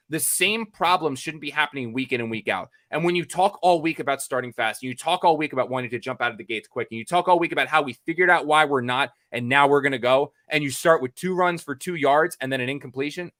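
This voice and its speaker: An American man on a sports podcast, a reporter by trade, rants with mounting exasperation. He circles back over the same points, repeats himself and swears freely. His voice sits a little higher than most men's. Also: fast, few pauses, sharp tone. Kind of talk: ranting podcast chat.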